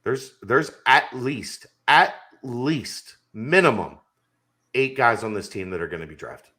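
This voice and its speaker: A man's voice: mid-range voice, lively intonation, unhurried, sharp tone. A man talking sports casually on a podcast as a guest, making his points emphatically. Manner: emphatic, argumentative.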